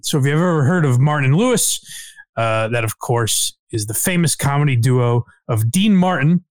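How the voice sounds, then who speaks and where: Hesitant, casual male podcast host. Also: no echo. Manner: hesitant, many fillers, sudden upward pitch jumps.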